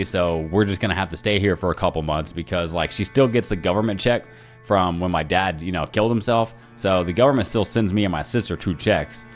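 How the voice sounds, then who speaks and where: A young man with a lowish voice tells his childhood story in a loose, slangy way. He jumps up in pitch to act out the people he quotes. Faint guitar music plays under his voice. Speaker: podcast storyteller. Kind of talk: casual personal storytelling.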